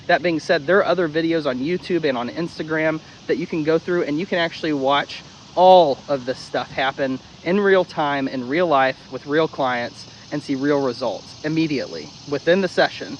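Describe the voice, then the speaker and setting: A man's voice: on the high side, normal speed, lo-fi sound, a little hiss or hum. A man who trains dogs, explaining correction step by step in a blunt, casual way. He swears freely and repeats key steps in a drill-like rhythm. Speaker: dog trainer. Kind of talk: casual instructional talk.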